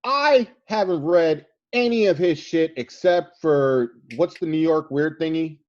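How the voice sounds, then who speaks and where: A man talks loosely on a podcast, swearing freely and joking as he goes. His voice sits a little high. The sound is dull and lo-fi. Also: a little slow. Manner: loose, profane, laughing banter. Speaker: comics writer and editor, podcast guest. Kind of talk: casual podcast chat.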